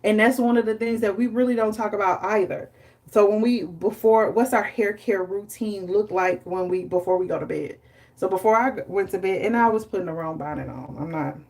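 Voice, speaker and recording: Chatty woman live-streaming about hair care. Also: mid-range voice. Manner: chatty, animated, dramatizes stories with laughter.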